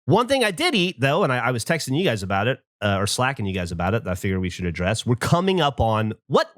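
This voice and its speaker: A man's voice: mid-range voice, sing-song, fast, a bit bright. A man in his thirties hosting a podcast, telling a story in casual chat and acting out the voices of the people in it. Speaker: podcast host.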